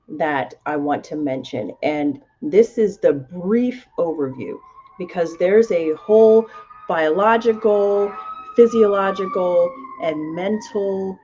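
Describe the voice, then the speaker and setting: A woman hosting a self-help podcast as a life coach, speaking deliberately and emphatically and repeating key phrases. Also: sits low, warm tone, muffled recording. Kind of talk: motivational self-help talk.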